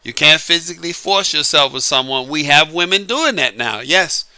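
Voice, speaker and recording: Here a man from New Orleans with a light Southern accent delivers casual, emphatic dating advice, circling back to his points and chuckling. His voice sits on the high side, expressive, bright and forceful yet smooth, at a moderate pace, with no room sound.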